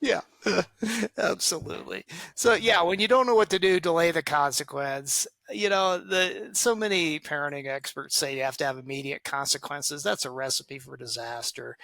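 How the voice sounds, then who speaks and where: A man being interviewed on a podcast as a parenting expert, telling stories with animated energy, acting out quoted voices and laughing often. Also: a little high, moderate pace, gravelly, no room sound.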